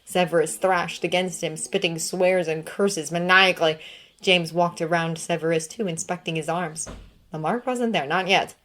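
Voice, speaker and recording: A woman narrates a story aloud in a measured, steady way. Her voice sits low for a woman, calm and even through the narration. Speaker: reader. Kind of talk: fan fiction reading.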